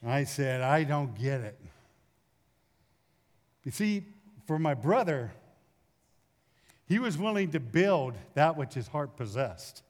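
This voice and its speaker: A man's voice: a little high, a little slow, long pauses. Man preaching in a big echoing hall. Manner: folksy storytelling with lively acted asides. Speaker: pastor. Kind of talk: sermon. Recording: long hall reverb.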